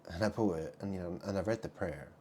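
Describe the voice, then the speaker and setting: A man vlogging in a rambling monologue, muttering asides and swinging between loud remarks and hushed ones. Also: deep voice, quick pace, a little hiss or hum.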